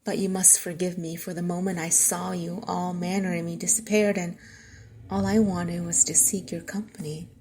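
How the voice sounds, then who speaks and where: A woman voicing a smooth, flirtatious English gentleman. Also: lowish voice, level tone, moderate pace, a little hiss or hum, close to an everyday voice.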